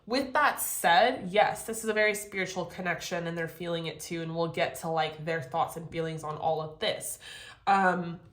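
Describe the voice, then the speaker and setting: A woman giving a casual tarot reading to camera, animated and profane, laughing often. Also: lowish voice, normal speed, roomy sound. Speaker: tarot reader.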